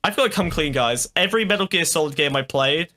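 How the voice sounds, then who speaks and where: A man co-hosting a casual commentary chat, with a high, bright voice. He rambles on sarcastically and swears freely. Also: animated, fast. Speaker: co-host.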